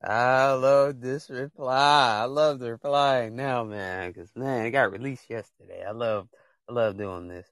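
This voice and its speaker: A man's voice: medium pitch, a little slow, a bit bright, no room sound. Young man, AAVE speech, podcast host, passionate rambling advice, dry close sound. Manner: passionate, rambling, talks straight to viewers. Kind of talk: casual chat, preachy advice.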